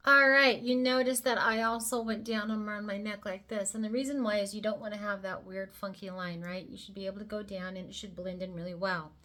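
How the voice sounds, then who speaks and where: A woman's voice: medium pitch, steady tone, brisk, few pauses, bright, forceful tone. A woman presenting a casual makeup tutorial, talking the viewer through each step with chatty, playful asides. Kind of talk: casual how-to demonstration.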